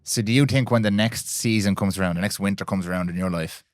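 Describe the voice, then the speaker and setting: A man's voice: deep voice, fast, no echo, clean studio sound. A man with an Irish accent co-hosting a casual podcast, thoughtful and reflective. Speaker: podcast co-host.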